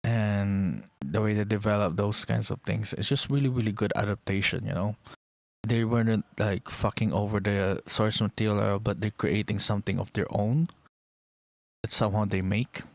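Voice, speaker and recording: Rambling gravelly young man. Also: lowish voice, fairly even intonation, normal speed, no echo. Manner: rambling, enthusiastic, swears casually. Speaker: vlogger. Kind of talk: casual chat.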